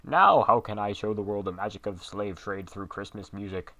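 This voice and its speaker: A man putting on a deep, booming fake president. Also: moderate pace. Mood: gloating. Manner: pompous, declaiming loudly. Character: impostor posing as a famous male US president, pompous.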